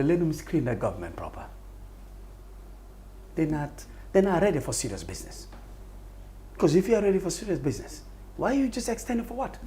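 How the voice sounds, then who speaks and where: A middle-aged man from Gambia argues his case in a live interview. His voice is gravelly and his delivery emphatic and impassioned. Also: on the high side, warm tone. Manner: emphatic, passionate, laughs often. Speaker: party official as guest.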